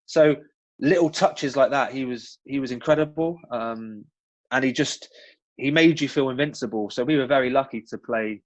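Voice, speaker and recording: A man's voice: medium pitch, moderate pace, no room sound, dull audio. A man with a West Country accent, a former footballer answering interview questions in a chatty way with many ums and restarts. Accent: West Country English. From West Country of England. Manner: chatty, frequent ums and restarts, animated storytelling. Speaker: guest, former professional footballer. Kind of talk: casual interview answers with anecdotes.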